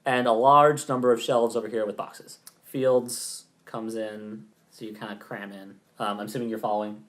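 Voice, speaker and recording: A man's voice: lowish voice, steady tone, normal speed. A man running a tabletop game as game master, narrating in a loose, chatty way with laughing asides.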